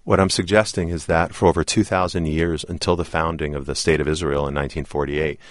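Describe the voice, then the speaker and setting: Very deep-voiced man, earnest guest. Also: fairly even intonation, fairly quick, no room sound, studio quality. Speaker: interview guest. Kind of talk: measured interview answers.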